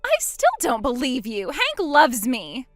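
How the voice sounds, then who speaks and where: A woman's voice: high-pitched, huge pitch swings, unhurried, dry recording, soft background music, heavily acted. A woman voicing a boastful, spiteful young woman who mocks her sister in a text-story drama. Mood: shocked. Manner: smug, mocking, gloating.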